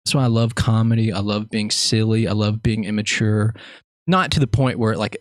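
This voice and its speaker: A man's voice: lowish voice, steady tone, a little fast, dry recording, studio quality. A man hosting a podcast interview, chatting casually in a jokey, rambling, self-mocking way. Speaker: podcast host.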